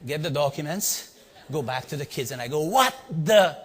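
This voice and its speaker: A man from India with an Indian accent, telling a story to a live audience and quizzing them with quick asides. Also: on the high side. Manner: animated, quizzing the audience with "yeah?" and "right?". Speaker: leadership speaker. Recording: long hall reverb.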